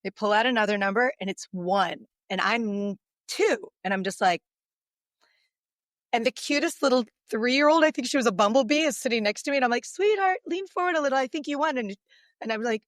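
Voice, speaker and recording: A middle-aged woman, a podcast guest, telling a story in a lively, animated way and acting out the voices in it. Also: fairly high pitch, no echo, studio quality.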